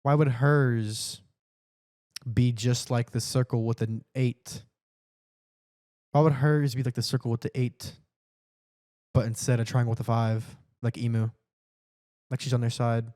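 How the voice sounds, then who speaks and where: A man hosting an anime reaction, excitable, swearing and talking to his chat. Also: mid-range voice, a little slow, long pauses, no room sound, studio quality.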